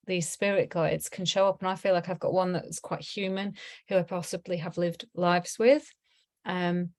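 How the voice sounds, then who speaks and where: A middle-aged woman with a slightly low voice talks a small group through a lesson over a video call. She rambles in an easy, chatty way, full of ums and soft laughs. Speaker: tarot teacher. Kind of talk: casual online teaching.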